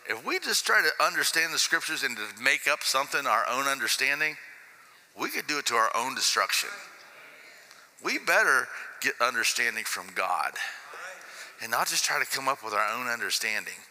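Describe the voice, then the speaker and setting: A man's voice: mid-range voice, lively intonation, moderate pace, pauses often, sharp tone, in a large hall, rough recording. A man preaching a sermon emphatically, often repeating key phrases for effect.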